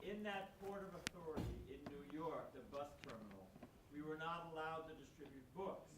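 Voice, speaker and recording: A man's voice: on the high side, animated, moderate pace. Distant man in an echoey room. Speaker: audience member. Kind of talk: telling an anecdote from the audience. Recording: roomy, distant mic with faint noise.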